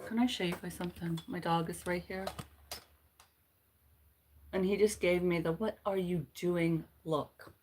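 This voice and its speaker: A woman's voice: lowish voice, steady tone, moderate pace, long pauses, a little mellow, slight background noise. A woman hosting a casual livestream, chatting playfully and laughing at her own jokes. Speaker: channel host.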